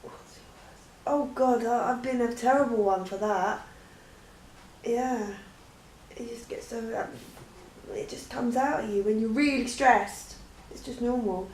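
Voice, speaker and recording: A woman's voice: on the high side, unhurried, pauses often, a little mellow, reverberant, slight background noise, low-quality recording. A woman answering questions in a chatty, rambling way, with many restarts. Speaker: vlogger. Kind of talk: casual Q&A chat.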